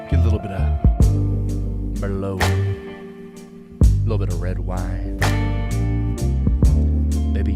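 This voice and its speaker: A man voicing a smooth, seductive crooner in a slow, breathy, rhyming croon. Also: lowish voice, pitched below the performer's own voice.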